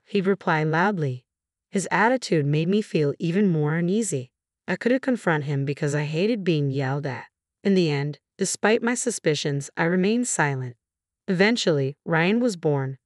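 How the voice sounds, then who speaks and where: A woman with a low voice reads a first-person story aloud at an even, steady pace. The sound is dry and close, with no room echo. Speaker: narrator.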